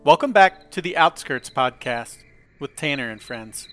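Bright-voiced man hosting a podcast. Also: fairly high pitch, lively intonation, unhurried, faint music behind. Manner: dramatic, playful build-up. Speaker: podcast host. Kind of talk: scripted podcast intro.

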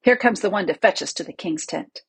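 A woman reading the part of a cunning, smooth-talking male lord with a measured, insinuating manner. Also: medium pitch, lively intonation, dry recording, full character voice.

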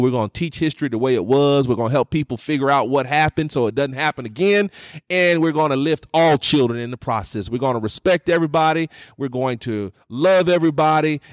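A man's voice: medium pitch, no echo, studio quality. A man giving an earnest, encouraging address to students and parents as a school district leader, repeating phrases for emphasis.

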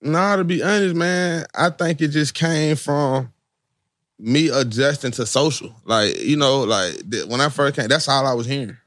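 A man's voice: mid-range voice, normal speed, fairly bright tone, no echo. Atlanta guy kicking back in a studio, slangy and easygoing, dry close mic. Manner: laid-back, slangy, repeats "you feel me". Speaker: guest rapper. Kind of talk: casual storytelling. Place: podcast studio.

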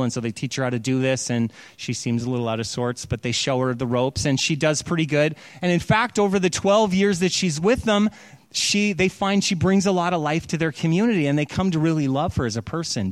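A man's voice: mid-range voice, dry recording. A man preaching, animatedly retelling a story and acting out its quotes in a casual sermon style. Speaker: pastor.

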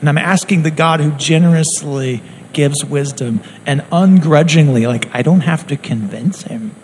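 An earnest male preacher delivers a sermon in a chatty, conversational way and slips into little acted quotes. His voice sits somewhat high for a man. A faint background noise runs under the recording. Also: moderate pace, a little mellow, poor audio.

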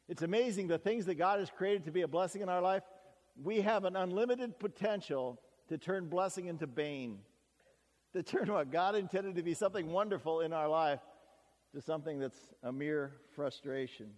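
A man preaching a sermon, earnest and measured, pausing often as he reads scripture and explains it. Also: high voice, long reverb tail. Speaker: pastor.

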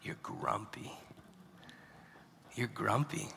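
Husky-voiced preacher, hushed then forceful. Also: male voice, medium pitch, sing-song, unhurried, long pauses, long reverb tail. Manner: swings between hushed, near-whispered lines and loud emphatic preaching. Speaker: pastor. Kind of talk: sermon.

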